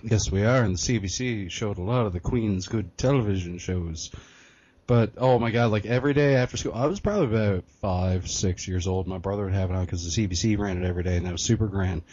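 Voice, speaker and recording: A man from Canada hosting a casual podcast chat in a husky, low radio voice. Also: fast talker, darkish tone, muffled recording. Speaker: podcast co-host.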